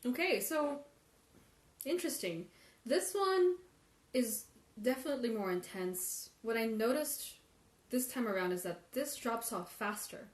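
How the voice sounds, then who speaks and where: A woman's voice: a little high, animated, a little slow. A woman hosting a live tea tasting, thinking aloud as she compares infusions and answers viewer questions. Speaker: tea livestream host. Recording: roomy livestream audio with faint ambience.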